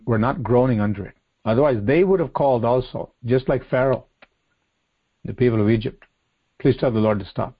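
A man preaching a sermon, reading scripture aloud and explaining it earnestly, slowing down and repeating phrases for emphasis. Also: medium pitch, slightly rough, highs cut off. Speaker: pastor. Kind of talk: sermon, expository Bible teaching.

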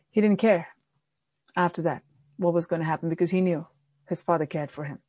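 A woman's voice: fairly high pitch, a little mellow, dry recording. Woman pastor preaching earnestly, dry sound. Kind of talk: sermon.

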